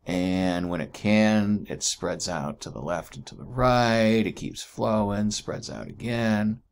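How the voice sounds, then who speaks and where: Low gravelly male geology teacher. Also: steady tone, slow. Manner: chatty, asks rhetorical "right?", corrects himself. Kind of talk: casual recorded lecture.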